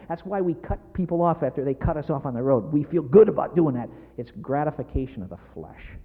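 A middle-aged man preaching a sermon with emphatic, passionate delivery that builds in intensity. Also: a little high. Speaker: pastor. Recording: tinny phone-like sound in a reverberant hall.

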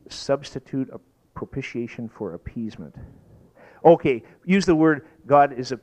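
A man preaching a sermon, emphatic, sometimes rising to shouts. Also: medium pitch, moderate pace, poor audio. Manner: lively, emphatic preaching that rises to shouted exclamations. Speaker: pastor.

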